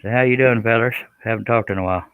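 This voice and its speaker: A man's voice: mid-range voice, racing, clear, resonant tone, no room sound, narrow, tinny audio. A man hosting a casual woodworking live stream, joking and bantering in a folksy way.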